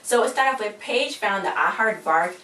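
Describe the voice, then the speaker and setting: Reviewing a TV episode, a woman with a mid-range, sharp-toned voice talks at a moderate pace, animated as she rambles through the recap and tosses in exasperated slang. A faraway mic picks her up with a roomy echo and a faint hiss.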